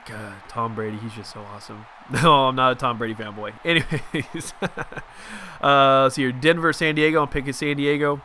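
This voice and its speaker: Bright-voiced young guy ranting about football. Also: medium pitch. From Southern California. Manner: rambling, chatty, quick to vent. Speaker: gaming channel host. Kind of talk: casual game commentary.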